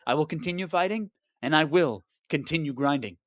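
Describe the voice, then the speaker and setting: A woman's voice: high voice, very animated, moderate pace, fairly bright tone, no room sound, studio quality. A woman voicing a long-suffering male game hero stuck in a cave, complaining melodramatically and sarcastically in a comedic diary monologue. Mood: weary.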